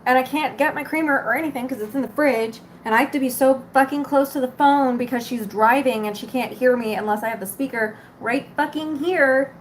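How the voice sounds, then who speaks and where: A woman's voice: high voice, fairly quick, hardly any pauses, a little hiss or hum. A young woman vlogger ranting casually to camera, exasperated, swearing and rambling.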